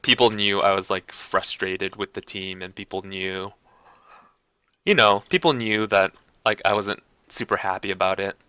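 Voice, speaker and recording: This gaming streamer chats casually, rambling and restarting sentences with plenty of fillers, leaning hard on "like" and "you know." His low voice has fairly even intonation and a moderate pace, with a bright, forceful, clean tone. There's no room sound.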